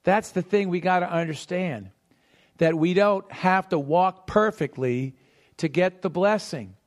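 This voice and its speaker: Unhurried and high-pitched, this preacher works through a passage verse by verse, voicing the characters in the story and animatedly quizzing the congregation with questions.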